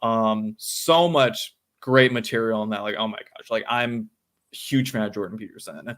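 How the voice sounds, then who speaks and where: A man's voice: fairly low pitch, moderate pace, a bit bright. A nineteen-year-old man, a guest in a casual interview, talking with many ums and likes. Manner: filler-heavy, says "um" and "like" a lot. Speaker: guest, student activist.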